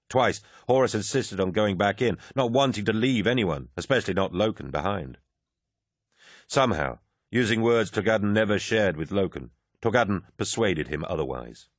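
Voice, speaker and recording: Very deep-voiced male audiobook narrator. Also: no echo, studio quality. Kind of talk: scripted narration.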